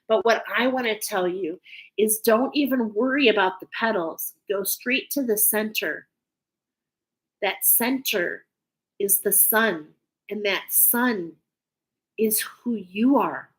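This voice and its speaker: A woman's voice: mid-range voice, a little slow, a bit bright, low-quality recording. A woman giving a spiritual card reading to her viewers, speaking in soothing, affirming phrases and openly emotional. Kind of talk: intuitive tarot-style reading to viewers.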